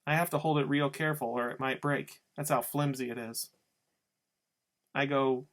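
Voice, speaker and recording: A man's voice: mid-range voice, fairly even intonation, normal speed, fairly bright tone. A man reading a novel aloud as an audiobook, telling the story in a casual first-person voice. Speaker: audiobook reader.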